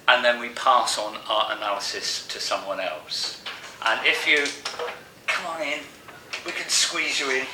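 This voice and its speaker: A man giving a live masterclass talk to a room of analysts, joking and asking the audience questions. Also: mid-range voice. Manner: jokey and conversational, asks the audience questions. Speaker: masterclass presenter. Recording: echoey room from far off, faint hiss.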